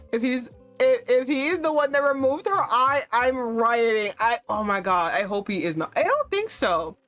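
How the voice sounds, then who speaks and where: A woman streaming a dating game, reading its text aloud and reacting with animated, laughing remarks. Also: a little high, unhurried, soft background music.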